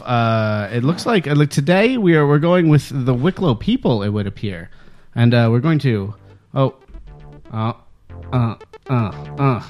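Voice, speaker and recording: A man's voice: medium pitch, darkish tone. A man co-hosting a comedic talk show, reading out a local news story with playful announcer flair and laughing asides.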